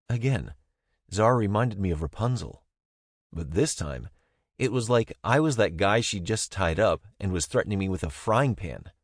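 A man's voice: fairly low pitch, animated, normal speed, no echo, clean studio sound. A young man reading a first-person novel aloud in a wry, easygoing way. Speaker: narrator. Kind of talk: first-person audiobook narration.

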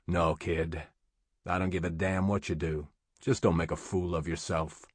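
A man voicing a big, calm older man who speaks quietly and without hurry. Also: low voice, moderate pace, husky, no room sound.

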